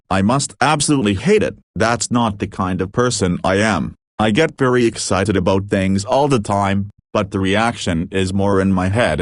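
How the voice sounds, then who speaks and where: A man reading online posts aloud in an even, matter-of-fact way. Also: lowish voice, no room sound, studio quality. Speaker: story reader.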